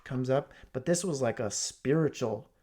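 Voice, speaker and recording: A man telling a comic story as a rant from his home basement, swinging from loud exclamations to hushed asides. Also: mid-range voice, normal speed, slight background noise. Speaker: comedic ranter. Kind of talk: comedic rant.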